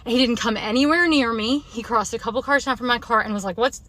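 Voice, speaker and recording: Shaken woman ranting, bright voice. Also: a little high, fast talker. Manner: agitated, insistent, repeats her points. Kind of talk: selfie rant video.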